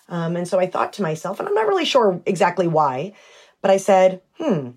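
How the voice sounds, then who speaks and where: Animated woman founder, lowish voice. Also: a little fast. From United States. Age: 30s. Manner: animated, acts out quoted dialogue with fillers. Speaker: brand founder. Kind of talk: interview storytelling.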